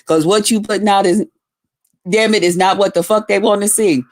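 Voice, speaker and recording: A woman livestreamer with a mid-range, steady, slightly mellow voice chats casually with her viewers, talking a little fast. She tells rowdy, heavily profane stories, speaking straight to her chat and greeting people by name.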